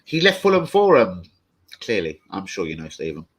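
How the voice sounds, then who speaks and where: A young man chatting casually and excitably on a live stream, swearing freely as he reads chat. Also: sits low, normal speed, husky, rough recording. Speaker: fan channel live streamer.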